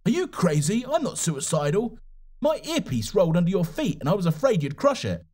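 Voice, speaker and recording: A man's voice: sits high, sing-song, brisk, a little mellow, pitched above the performer's own voice. A man voicing a crude, blunt young stranger who talks in a brusque, sarcastic, swearing way. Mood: blunt, mocking.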